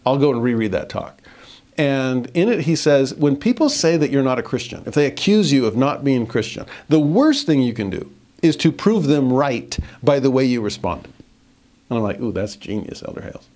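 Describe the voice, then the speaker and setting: A middle-aged man teaching a verse-by-verse scripture lesson, reading verses slowly and commenting with animated emphasis. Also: mid-range voice.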